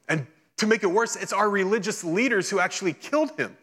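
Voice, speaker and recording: Man preaching a sermon, higher voice. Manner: reads scripture slowly, then retells it in lively casual speech. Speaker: pastor.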